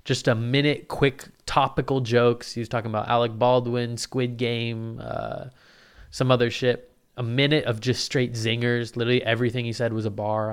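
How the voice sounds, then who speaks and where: A man hosting a podcast, telling a rambling, profane and excitable story about an open mic. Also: medium pitch, moderate pace, clean tone. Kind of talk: casual podcast monologue.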